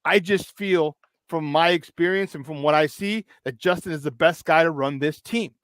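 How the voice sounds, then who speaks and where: A man co-hosting sports talk radio, telling animated stories and firing off questions. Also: a little high, dry recording. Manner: animated storyteller, asks rapid questions.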